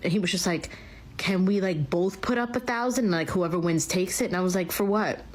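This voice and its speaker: A social media poster tells her followers a story to camera in a smug, boastful way. Her voice is lowish and fairly quick.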